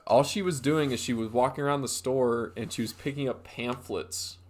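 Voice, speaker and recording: A young man co-hosting a podcast tells a rambling story in casual chat, full of filler words. His voice is medium-pitched and his pace moderate.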